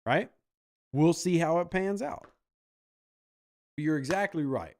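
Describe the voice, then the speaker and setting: A man's voice: a little high, slow pace, darkish tone, a little hiss or hum. A man hosting a podcast, joking and sarcastic as he reacts to viewer comments. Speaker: podcast host.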